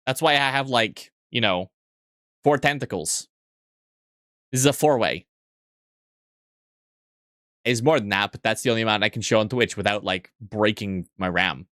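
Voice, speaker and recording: A young man chatting casually on a live stream, answering chat with quick asides, restarts and frequent swearing. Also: lowish voice, a bit bright, no room sound, clean studio sound.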